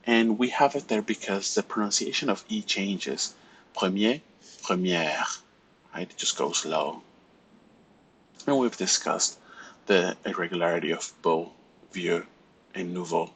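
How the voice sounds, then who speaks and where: French teacher, male, slightly low and husky, methodical lecturing, frequent "right?" check-ins. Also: a bit bright, poor audio. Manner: explains step by step, often checks with "right?". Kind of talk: recorded classroom lecture.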